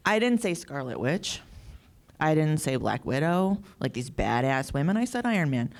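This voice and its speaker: Lively woman telling stories on stage. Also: low voice, normal speed. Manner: animated storytelling with laughs and quoted dialogue. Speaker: conference speaker, securities lawyer. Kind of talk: live keynote speech. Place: conference stage before a live audience. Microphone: handheld stage mic.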